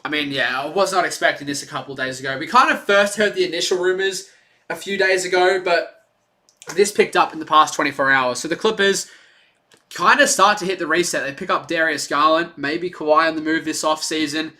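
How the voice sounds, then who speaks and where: A man's voice: a little high, brisk, sharp tone. A man giving casual, rambling live play-by-play commentary on a stream, chatty and full of fillers. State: out of breath.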